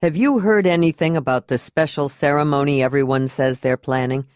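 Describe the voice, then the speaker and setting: A woman voicing a steady male leader who speaks calmly and firmly. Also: sits low, fairly quick, no room sound, clean studio sound, voice pushed down, close to an everyday voice. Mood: concerned. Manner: calm, reasoned and commanding. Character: steady male clan leader, calm and firm.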